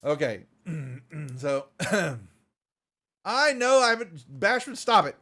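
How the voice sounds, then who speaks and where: A man's voice: a little high, very animated, takes it slowly, sharp tone. A man running a tabletop game on a live stream, rambling and restarting as he talks. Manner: rambling, restarts often, greets viewers. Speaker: game master.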